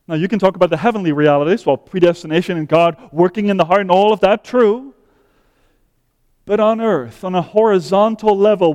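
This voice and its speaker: Male preacher, higher pitch, measured rhetorical delivery, reverberant church hall. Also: a little mellow, smooth. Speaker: pastor. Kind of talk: sermon.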